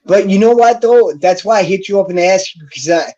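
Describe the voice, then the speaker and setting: A man's voice: sits high, a little fast, a little mellow. A man hosting a casual chat show, ranting in a heated, profane, repetitive way. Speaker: podcast host. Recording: dull lo-fi sound.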